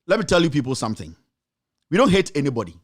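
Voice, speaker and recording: A Ghanaian journalist and show host delivers heated political commentary, firing off accusing rhetorical questions. His fairly high voice is sing-song and very fast.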